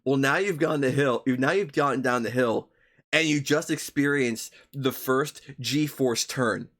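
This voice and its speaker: A man's voice: mid-range voice, unhurried, a bit bright. A young man streaming, reading a story aloud to his chat with profane, joking asides.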